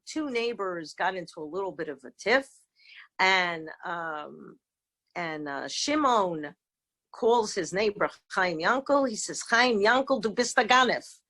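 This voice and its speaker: Halting woman giving a virtual lecture. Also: lowish voice, fairly bright tone. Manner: halting, many fillers and restarts. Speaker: rabbanit teaching a seder talk. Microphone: video call.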